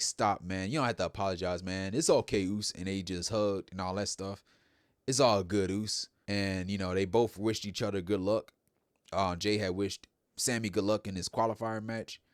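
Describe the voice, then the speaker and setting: A man's voice: sits low, a bit bright, no echo, studio quality. A man hosting a show, giving a casual, rambling recap of a wrestling broadcast and repeating himself often. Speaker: host.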